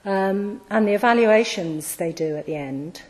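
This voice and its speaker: A woman giving a reflective storytelling talk to an audience, hesitant with many ums and soft trailing phrase endings. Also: mid-range voice, a little slow. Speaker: speaker at a Buddhist gathering. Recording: long hall reverb.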